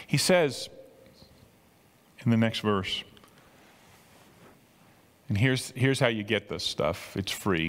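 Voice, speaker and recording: A man's voice: lowish voice, animated, slow, long pauses, long reverb tail. An older man preaching a sermon in a conversational way, often repeating words and building to emphatic peaks. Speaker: pastor.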